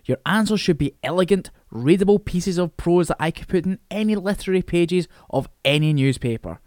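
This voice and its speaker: A man's voice: high voice, animated, a little fast, darkish tone, no room sound. Man reading as a formal, sardonic schoolteacher, raised voice, dry close sound. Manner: crisp, sardonic, formal diction. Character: precise, pompous middle-aged male English teacher.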